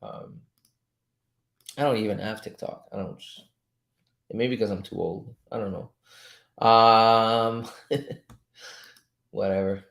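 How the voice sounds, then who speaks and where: A man whose first language is French, chatting casually as a trading coach while he reads charts live, loose-tongued and quick to chuckle. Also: lowish voice, fairly even intonation, vocal fry, fairly bright tone. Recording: roomy echo.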